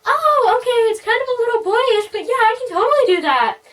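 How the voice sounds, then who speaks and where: A woman doing a squeaky, gushing young hairdresser. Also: big pitch swings, brisk, fairly bright tone, recorded from a distance, exaggerated voice. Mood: chirpy. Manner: squeaky, gushing, sing-song. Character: overly cheery young female hairdresser.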